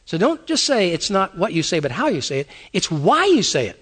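Male pastor, conversational sermon delivery, high and highly animated voice. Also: a little fast. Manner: conversational preaching with rhetorical questions.

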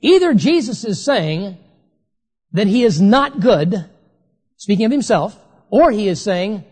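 A preacher delivers a sermon with emphatic conviction, dropping to a slow, deliberate pace to press home the key phrases. The voice rings out with a long reverb tail, as if recorded in a large hall. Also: mid-range voice, big pitch swings, a little mellow, husky.

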